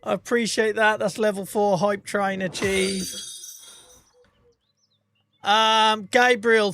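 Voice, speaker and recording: A man chatting on a live gameplay stream, excitable and grateful as he thanks his viewers. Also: high voice, dry recording, studio quality. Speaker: livestreamer. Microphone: streaming microphone.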